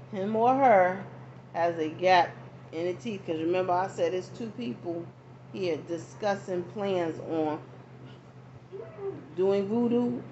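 Low-pitched and warm, a woman not from the American South offers viewers a casual tarot reading, addressing them directly. Her manner is conversational, full of asides and check-ins, and the recording is dull and lo-fi with faint background noise.

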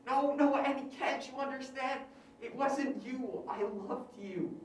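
An actress plays the ghost of a young man in an amateur stage drama, speaking gently and pleadingly to the woman he left behind. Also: high voice, measured pace. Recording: roomy, distant stage recording with faint hiss.

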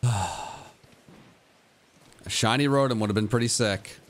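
In unhurried mid-range tones, a young man gives casual commentary while livestreaming a game. He flips from goofy, hyped streamer energy to gloomy mutters that mock himself for his chat.

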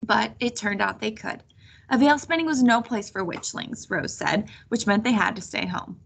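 A woman reading a children's chapter book aloud in a steady storytelling manner. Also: medium pitch, moderate pace, creaky, breathy edge. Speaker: reader.

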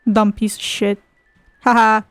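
In a level, mid-range voice she speaks unhurriedly, with faint music in the background. This female streamer offers profane, sarcastic, mock-angry commentary on a horror game and adopts a sing-song manner to read a storybook aloud.

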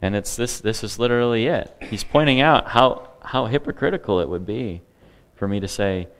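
Low-voiced man preaching a sermon. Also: normal speed, fairly bright tone. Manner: conversational preaching with humor and asides. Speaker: pastor.

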